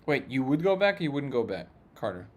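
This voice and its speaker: Male livestream host, mid-pitched voice, jokey and loose, laughs a lot while riffing on chat comments. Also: sing-song, fairly quick, a little hiss or hum. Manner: jokey, chuckles often between remarks. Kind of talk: casual live chat reading comments.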